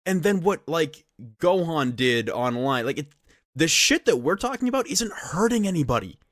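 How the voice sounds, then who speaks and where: A man's voice: on the high side, normal speed, no echo, studio quality. A man co-hosting a podcast, ranting casually with lots of swearing. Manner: profane, animated ranting. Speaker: podcast co-host.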